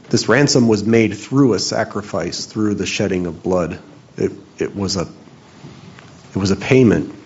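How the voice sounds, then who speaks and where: Low-voiced thoughtful man, lo-fi. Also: a little mellow, slight background noise. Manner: thoughtful, measured, restarts phrases. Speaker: church group member sharing. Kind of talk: reflective discussion.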